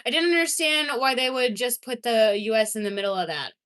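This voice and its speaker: A young Canadian woman streamer reads chat and reacts to her viewers' comments in casual livestream talk, speaking loosely, swearing now and then, and laughing easily. Her voice sits a little high and is a bit bright, and she talks fairly quickly.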